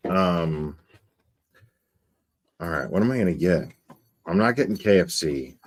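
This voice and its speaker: A man hosting a casual livestream from his home studio, relaxed and chatty, filling his talk with "like" and laughing easily. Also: low-pitched, measured pace. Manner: laid-back, says "like" often, talks baby-talk to his dog. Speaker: livestream host.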